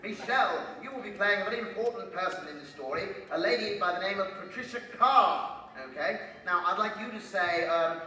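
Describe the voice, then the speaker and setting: A man with a high-pitched, sharp, brisk voice hosts a live comedy stage show, playing it theatrical, mock-pompous and playful. He's in a large hall before a live audience, recorded from far off with echo and crowd noise.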